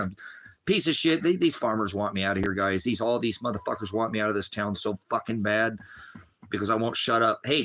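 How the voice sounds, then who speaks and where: A man's voice: on the high side, bright, forceful tone. Profane, agitated middle-aged man ranting. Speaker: livestreamer. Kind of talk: angry livestream rant.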